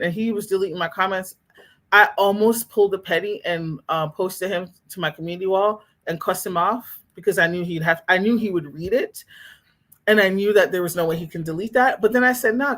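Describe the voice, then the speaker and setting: A woman in the middle of a heated, casual rant to her livestream chat. She swears freely, laughs between points and reads viewers' comments aloud in a flavored lilt. Her voice sits at a middle pitch. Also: fairly bright tone. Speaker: streamer reacting to chat.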